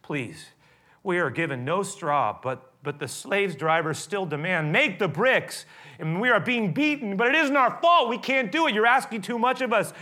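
A man's voice: expressive, normal speed, bright, forceful tone. A man voicing desperate Israelite foremen who beg their master and then turn on their leader. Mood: pleading. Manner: begging, voice rising in pitch.

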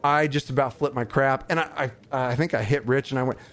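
A man co-hosting a podcast in casual chat, talking excitedly, with many fillers and quoted reactions. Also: medium pitch, a little fast. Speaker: podcast co-host.

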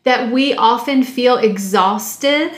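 A woman's voice: on the high side, takes it slowly. A woman co-hosting a faith podcast, explaining ideas thoughtfully and step by step. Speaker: podcast co-host. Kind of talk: teaching-style discussion. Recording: roomy echo.

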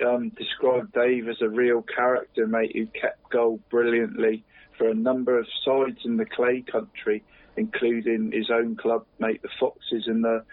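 A man co-hosting a podcast in casual chat, rambling with fillers and calling his friend "mate" at every turn. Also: medium pitch. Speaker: podcast co-host. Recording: tinny phone-line sound.

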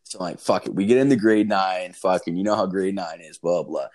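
A man's voice: low voice, fairly quick, darkish tone. A young man telling a long, profane, rambling story in casual chat.

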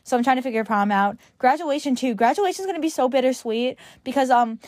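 A woman's voice: high voice, fairly quick, a little mellow, dry recording. A teenage girl from Long Island hosts her podcast in a rambling casual chat, filling her sentences with "like". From Long Island, New York. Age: teens. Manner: rambling, fillers of "like" throughout. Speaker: podcast host.

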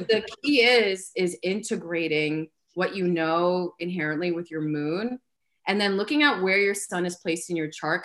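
A woman astrologer explaining birth chart placements in casual chat, earnest and full of likes and ums. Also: lowish voice. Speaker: astrologer guest.

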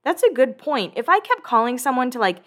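A woman in her thirties hosting a podcast, gossiping through a casual, chatty recap of a reality show. She acts out the cast's lines in quick bursts and swears freely. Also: high-pitched, big pitch swings.

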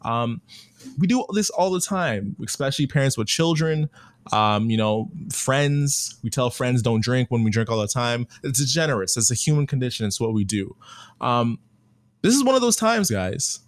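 A man's voice: mid-range voice, moderate pace, dry recording. Young guy podcast host, slangy and jokey, dry close sound. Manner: slangy, joking, animated storytelling. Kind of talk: casual comedic monologue.

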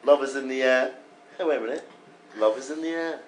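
A man's voice: medium pitch, brisk, a little hiss or hum, poor audio. A man co-hosting a comedy podcast, playful and teasing, running the gags. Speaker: podcast co-host. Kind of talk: casual comedy chat.

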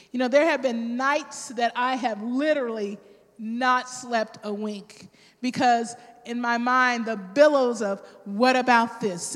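A woman with a fairly high voice preaches a sermon, telling her own story in a lively, personal way and voicing the people she quotes. Her words ring out with a long reverb through a large hall.

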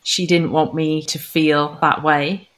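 Low-voiced woman, earnest guest. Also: level tone, takes it slowly, a bit bright. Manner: earnest, thoughtful, slightly hesitant. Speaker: podcast guest. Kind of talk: conversational interview.

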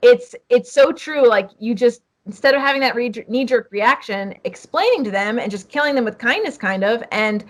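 A woman's voice: a little high, animated, moderate pace, few pauses. A woman guest in a casual chat, talking earnestly and rambling along with many fillers. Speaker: podcast guest, hunter.

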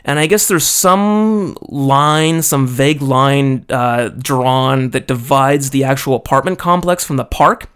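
A man's voice: medium pitch, slow, hardly any pauses, fairly bright tone, smooth. A man vents to the camera in a loose, profane monologue. He sounds exasperated and restarts his sentences often, tossing in "okay?" and "you know?" as he goes. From foreigner living in Japan. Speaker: storyteller. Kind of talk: casual ranting monologue.

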